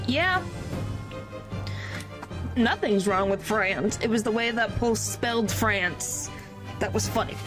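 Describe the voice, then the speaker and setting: A woman's voice: a little high, lively intonation, slow pace, pauses often. Giggly woman streaming a game. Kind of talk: casual gameplay commentary. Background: game music.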